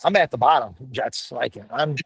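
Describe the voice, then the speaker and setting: A gruff middle-aged man speaking as a firefighter guest in a casual chat, blunt and profane, telling stories with energy. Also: mid-range voice, normal speed, no room sound, poor audio. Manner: blunt, profane, animated storytelling. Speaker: podcast guest, firefighter paramedic.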